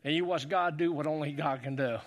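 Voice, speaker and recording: A middle-aged man preaching a sermon as pastor, building to shouted, repetitive exhortations. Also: fairly high pitch, fairly quick, a little hiss or hum.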